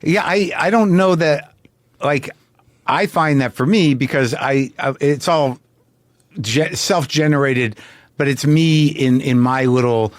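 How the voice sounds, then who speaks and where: A man hosting a podcast, thinking out loud in halting, self-searching sentences. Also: fairly high pitch, no echo. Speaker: podcast host. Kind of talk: casual conversation.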